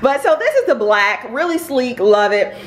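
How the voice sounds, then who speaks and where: A woman's voice: fairly high pitch, moderate pace, roomy sound. Middle aged lady doing a casual haul vlog, voice goes up and down a lot, talks to her camera. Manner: chatty, animated, lots of ums and repeats. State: out of breath. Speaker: vlogger and shop owner. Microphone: camera or phone nearby.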